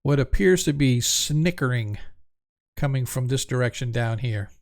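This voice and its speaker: A man running a tabletop game as game master, narrating the scene at an unhurried pace. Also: medium pitch, animated.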